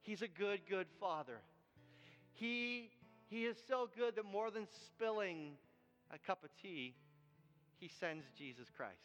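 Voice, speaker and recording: A man's voice: high voice, animated, a little slow, fairly bright tone, big-room sound, soft background music. A man preaching a sermon as pastor, telling a story and speaking earnestly to fathers.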